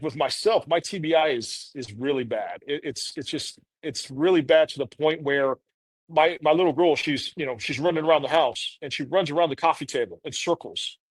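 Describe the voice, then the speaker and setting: This man in his thirties has a fairly high, breathy voice and appears as a podcast guest. He tells a candid personal story earnestly and ramblingly, saying "you know" a lot. There is no room sound.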